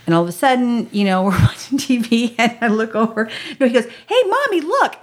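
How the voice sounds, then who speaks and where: A woman's voice: on the high side, fast talker. A middle-aged woman, a talk show guest, telling a story casually and acting out the voices with lots of laughter. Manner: animated, laughing storyteller who acts out voices.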